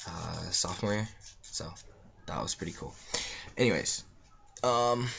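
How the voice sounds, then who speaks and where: A man's voice: deep voice, muffled recording, background noise. A young man telling a story in a rambling, offhand way, with lots of fillers. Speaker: vlogger. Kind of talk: casual storytelling.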